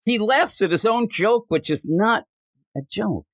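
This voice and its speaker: A man co-hosting a casual comics podcast, reading panel lines aloud in put-on voices and tripping over his words when he gets excited. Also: high voice, a little slow, dry recording, studio quality. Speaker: podcast co-host. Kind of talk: casual chat about comics.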